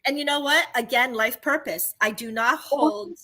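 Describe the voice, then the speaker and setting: A woman's voice: high voice, normal speed, bright, forceful tone. A woman telling her own story in casual chat, emphatic and exclaiming at times.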